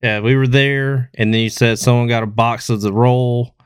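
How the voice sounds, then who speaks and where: A man co-hosting a relaxed podcast, joking and ribbing his friends in easy banter. His voice sits at a middle pitch and sounds close and dry, with no room around it. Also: moderate pace, clean tone, dry recording. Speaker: podcast co-host. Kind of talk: casual chat.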